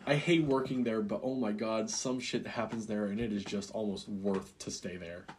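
A man's voice: on the low side, fairly even intonation, normal speed, darkish tone, slight background noise. A young man co-hosting a podcast, telling work stories in casual chat and swearing freely. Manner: swears a lot, acts out customers in retold scenes. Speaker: podcast co-host.

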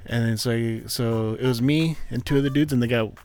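A man chatting casually on a podcast in a laid-back, halting way, swearing often. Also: medium pitch, fairly even intonation, darkish tone. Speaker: podcast co-host. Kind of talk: casual chat.

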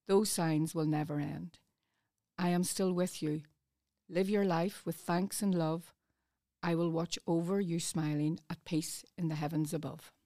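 A woman reads a poem aloud with a mellow, fairly low voice. Her delivery is soft and earnest. She is recorded close on a studio microphone with a dry sound. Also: no echo. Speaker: community volunteer reading a poem. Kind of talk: reading poetry aloud.

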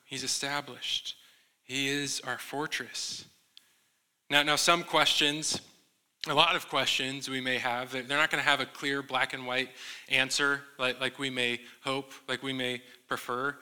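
A man's voice: on the high side, bright, forceful tone, clear, resonant tone. A man giving a sermon as youth pastor, earnest and often repeating words as he restarts.

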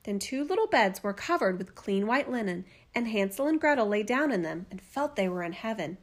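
A woman narrating a fairy tale in a steady, expressive storytelling voice. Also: medium pitch, fairly quick. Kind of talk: fairy tale read-aloud.

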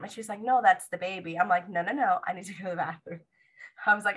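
A woman's voice: medium pitch, fast talker, rough recording. A young woman casually telling viewers the story of giving birth, acting out what the nurse and doctor said. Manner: animated retelling, acts out quoted dialogue. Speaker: mother sharing her birth story.

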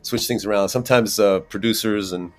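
A man's voice: lowish voice, fairly even intonation, a little fast, soft background music. A man, an actor, talking casually in an interview, rambling with many restarts and fillers. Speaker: actor guest.

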